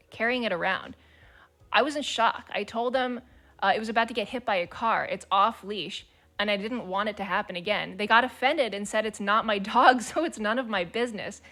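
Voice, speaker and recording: A woman's voice: medium pitch, fairly bright tone. A woman streamer chatting casually and reading forum posts aloud, blunt, swearing freely and laughing as she talks.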